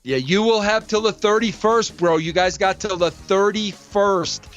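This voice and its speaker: A man's voice: high-pitched, unhurried, lo-fi sound, faint music behind. An older man hosting a podcast, talking bluntly and with energy, with "bro" in almost every thought. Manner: blunt, animated, says "bro" often. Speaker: podcast host. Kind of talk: casual podcast talk.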